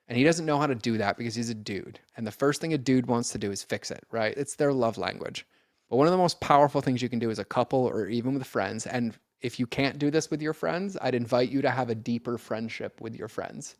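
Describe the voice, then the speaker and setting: A man's voice: mid-range voice, no echo, clean studio sound. A man talking as a podcast guest, earnest and direct, speaking casually with lots of "like" and the odd swear, often addressing listeners straight on. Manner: casual, peppered with "like" and mild swearing.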